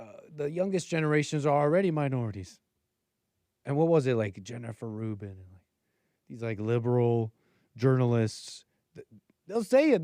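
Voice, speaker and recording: Male political livestream host, mid-pitched, rambling, self-interrupting, dry close sound. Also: a little mellow, no room sound. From United States. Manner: rambling, self-interrupting, laughs at own tangents. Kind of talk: casual political livestream commentary.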